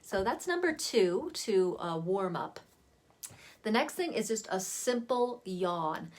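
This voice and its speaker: A woman vocal coach giving a relaxed, chatty lesson on voice warm-ups, talking to the camera from a seated spot at home. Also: medium pitch, slow. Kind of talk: casual spoken voice lesson.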